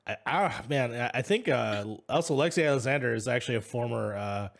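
A man's voice: medium pitch, animated, fairly quick, gravelly. Enthusiastic, laughing man podcast co-host. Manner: enthusiastic, laughing, loose and rambling. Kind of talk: casual podcast chat.

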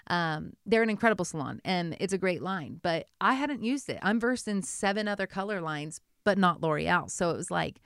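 A woman hairstylist telling her story in a casual interview, animated and acting out what people said. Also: fairly low pitch, normal speed, few pauses, clear, resonant tone, no echo, clean studio sound. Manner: animated, acts out quotes, laughs often. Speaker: guest, hairstylist.

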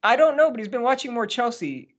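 A man's voice: very high-pitched, sing-song, brisk, fairly bright tone, lo-fi sound. A man co-hosting a podcast, rambling and joking about football with plenty of swearing. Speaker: podcast co-host. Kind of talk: casual chat about football.

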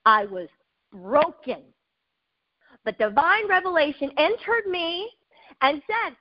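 A middle-aged woman preaching a sermon, telling her own testimony with emotional, animated asides. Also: high voice, slow, long pauses, lo-fi sound.

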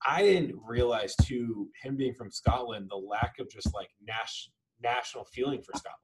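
A man's voice: medium pitch, normal speed, noisy background. A man co-hosting a podcast as a teacher, talking in a rambling casual way with many "like" fillers. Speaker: podcast co-host. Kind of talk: casual chat.

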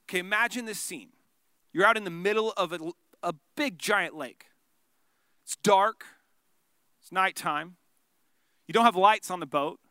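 A man preaching a sermon, telling the story in an animated way and dropping to a hush for dramatic moments. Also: high voice, a little slow, long pauses, clean tone, no room sound. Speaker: pastor.

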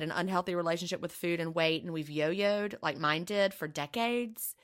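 A woman's voice: deep voice, pushed and bright. A middle-aged woman co-hosting a podcast, talking in an earnest, reassuring and personal way in casual chat. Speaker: podcast co-host.

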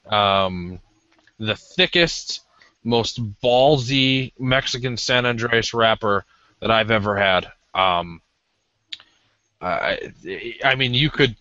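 Male podcast co-host, lower-pitched and bright, hesitant casual review, lo-fi sound. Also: dry recording. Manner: rambling, hesitant with many ums. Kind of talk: casual cigar review chat. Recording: dull lo-fi audio.

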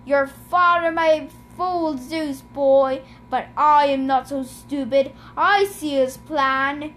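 A woman's voice: sits high, takes it slowly, fairly bright tone, slight background noise. A woman reading the lines of an indignant, grumbling male god of the dead.

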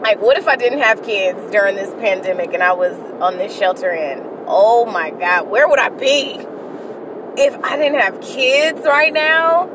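A Bay woman in her early thirties vents candidly on her solo podcast, swearing freely and rambling into sudden outbursts. Her fairly high voice sits away from the mic. Steady car road noise runs behind her. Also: a little slow, recorded from a distance. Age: early 30s. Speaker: podcast host. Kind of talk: casual solo podcast venting. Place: inside a car on the freeway.

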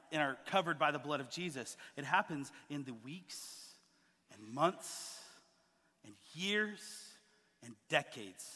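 Man, pastor, sermon, slightly high voice, long hall reverb. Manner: animated storytelling, acting out quoted voices. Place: church sanctuary.

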